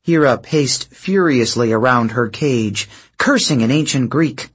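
A man narrating a story in a slow, measured storytelling manner. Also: medium pitch, lively intonation, breathy edge. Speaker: audiobook narrator. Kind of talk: scripted narration.

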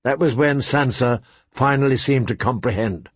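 A man narrating an audiobook in a measured, dramatic storytelling manner. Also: mid-range voice, slightly rough, no echo. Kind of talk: scripted narration.

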